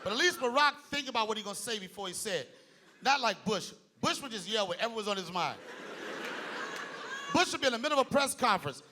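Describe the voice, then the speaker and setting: Animated male stand-up comic, live stage mic, noisy club. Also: high voice, quick pace. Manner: animated, loud, jumps into impressions. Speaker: stand-up comedian. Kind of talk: stand-up comedy set. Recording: live club with loud crowd laughter.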